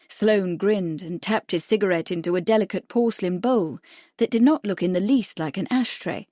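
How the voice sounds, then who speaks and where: A woman's voice: medium pitch, moderate pace, warm tone, no echo, studio quality. Woman reading a mystery novel aloud. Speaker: audiobook narrator. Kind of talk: scripted narration.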